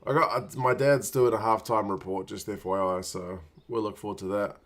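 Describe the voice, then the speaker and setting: A man's voice: fairly low pitch, fairly even intonation, moderate pace, a bit bright. A man in his thirties hosting a live watch-along from home, giving casual commentary in muttered reactions and urging the players on. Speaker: watch-along stream host.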